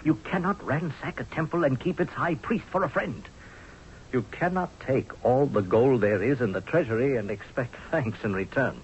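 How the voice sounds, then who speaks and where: A man's voice: medium pitch, normal speed, slight background noise, lightly acted. An actor playing a blunt, sarcastic male army general in a 1970s radio drama. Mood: scornful. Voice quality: sarcastic, forceful. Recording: dull lo-fi radio recording.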